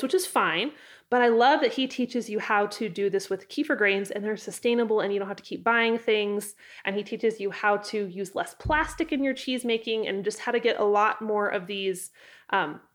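Chatty, enthusiastic woman homesteader. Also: medium pitch. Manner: enthusiastic, chatty, self-deprecating. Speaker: homesteading vlogger. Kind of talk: casual book recommendations to camera.

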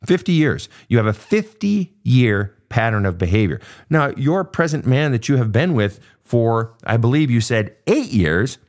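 A man's voice: mid-range voice, very animated, a little slow, few pauses, a little mellow. A man coaching a guest through her family history, blunt and profane, pressing her with repeated pointed questions. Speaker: host. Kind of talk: confrontational coaching session.

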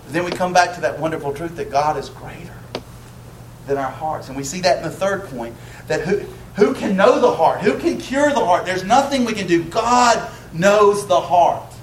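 A pastor with a high, lively voice preaches a sermon at a normal speed, speaking conversationally and putting questions to the congregation. The church sanctuary recording is echoey, with faint ambience and slight background noise.

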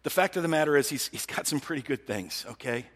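A man's voice: a little high, lively intonation, fast talker, a bit bright, long reverb tail. A male pastor giving a conversational sermon, often checking in with his listeners. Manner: talky, keeps checking in with the listeners.

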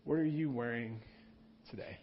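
A pastor preaches a sermon in a church room, speaking conversationally and repeating key words for emphasis. His voice is medium-pitched at a moderate pace, and the recording sounds dull and lo-fi.

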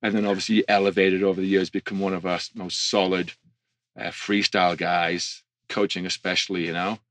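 A man's voice: low voice, little pitch movement, a little fast, a bit bright. A man snowboard instructor chatting in an interview, frank and joking. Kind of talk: casual interview chat.

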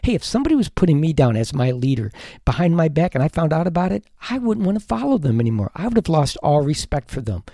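A man's voice: on the high side, very animated, quick pace, mellow, no room sound, studio quality. A man, a teacher hosting an advice podcast, talking earnestly and emphatically, at times heated.

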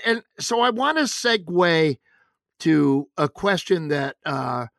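A man's voice: a little high, gravelly, fairly bright tone, dry recording, studio quality. A man hosting a radio interview, asking questions and praising his guest with fillers. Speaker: radio host and race announcer.

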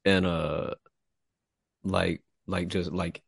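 A man's voice: low-pitched, level tone, drawn-out words, creaky, slightly rough, dry recording, clean studio sound. A man from Texas, a writer talking loosely and profanely as a guest in a casual interview. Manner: loose and profane, laughing easily.

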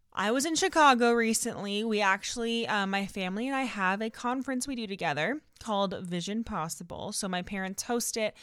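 A woman's voice: medium pitch, fairly bright tone, clear, resonant tone, no room sound, studio quality. A young woman with a Californian Valley girl accent, hosting a casual solo podcast and telling a story in a bubbly, dramatic way, laughing often and saying "like" a lot. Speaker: podcast host.

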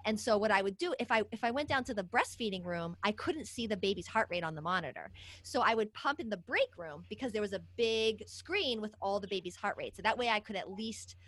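A woman who works as a nurse, telling a lively work story in casual chat and laughing often. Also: mid-range voice, brisk, dry recording.

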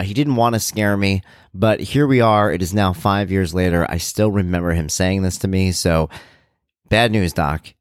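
Middle aged guy podcasting, low voice, rambly and joking at himself, dry close mic. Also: dry recording. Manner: rambling, self-deprecating humor. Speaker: podcast host. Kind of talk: casual storytelling monologue.

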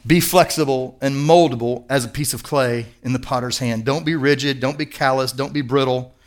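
A man's voice: mid-range voice, steady tone, normal speed. A middle-aged man preaching a sermon as pastor, earnest and emphatic, repeating key words for weight.

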